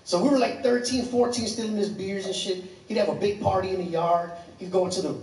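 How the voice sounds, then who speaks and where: High-voiced, profane stand-up comic. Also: male voice, fast talker, slight background noise. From Chicago. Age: 30s. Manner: profane, rambling, animated. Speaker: stand-up comedian. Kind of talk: stand-up storytelling. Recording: echoey club from far off.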